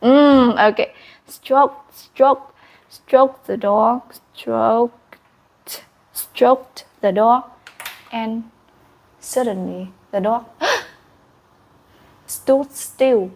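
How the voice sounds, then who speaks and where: Casting: woman teacher, animated storyteller, high and very slow. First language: Vietnamese. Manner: animated, with sound effects and gasps. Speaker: English teacher. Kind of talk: storytelling lesson.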